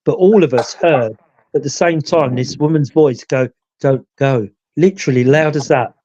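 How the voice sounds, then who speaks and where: A man's voice: on the high side, normal speed, mellow, dull audio, slight background noise. A man, rambling through the story of a ghost hunt on a live chat show with a lot of "you know" asides. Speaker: ghost hunter, show regular. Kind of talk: casual live chat recounting an investigation.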